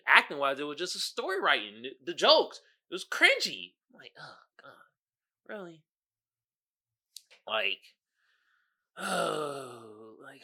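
Bright, animated man ranting casually. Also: medium pitch. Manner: animated, exasperated, slangy with mocking put-on quotes. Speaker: podcast host reviewing a movie. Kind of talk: casual rant.

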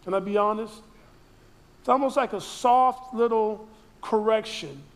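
A pastor delivers a sermon to his congregation, reading scripture aloud and riffing on it, restarting often. His voice is high and his pace a little slow.

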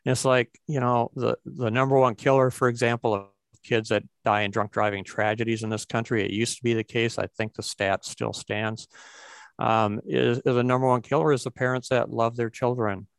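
Low gravelly man, reflective talk, dry close sound. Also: steady tone, moderate pace, dry recording. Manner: reflective, restarts often. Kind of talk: recovery conversation.

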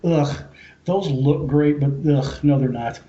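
A man's voice: fairly high pitch, takes it slowly, dark tone. A man from Louisville, Kentucky, a podcast guest, telling funny, rambling stories and acting out the voices of the people in them. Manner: humorous, rambling, acts out quoted voices. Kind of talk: casual chat, storytelling. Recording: slightly muffled, faint hiss.

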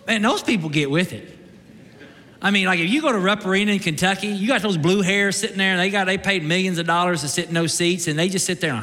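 Animated joking pastor preaching in a hall. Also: male voice, high-pitched, fast talker. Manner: animated, joking, swings into loud shouts and mock voices. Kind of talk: sermon. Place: church sanctuary.

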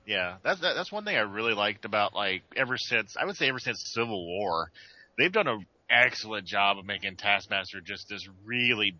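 A man's voice: on the low side, lively intonation, moderate pace, pushed and bright. A man co-hosting a casual podcast chat, rambling with lots of stammered restarts. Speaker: podcast co-host. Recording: dull lo-fi sound.

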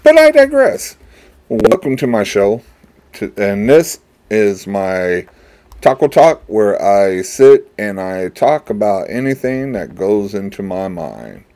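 Slow, low-voiced rambling middle-aged man. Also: lively intonation, warm tone. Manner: rambling, digressive, wry complaining. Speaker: show host, father. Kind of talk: casual monologue.

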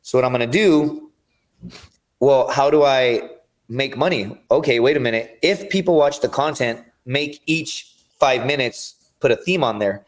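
A man's voice: medium pitch, a little slow. A man talking as a podcast guest, telling long rambling stories with lots of swearing. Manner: rambling, profane storytelling. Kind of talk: casual chat.

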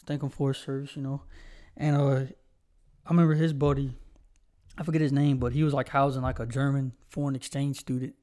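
Here a young man, one of a podcast's co-hosts, chats casually and wanders through his stories with plenty of fillers. He talks a little fast in a medium-pitched, slightly mellow voice with flat delivery.

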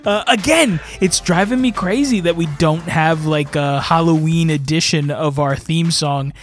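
A man's voice: on the high side, a little slow, soft background music. Chatty man hosting a podcast. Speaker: podcast host. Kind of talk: casual chat.

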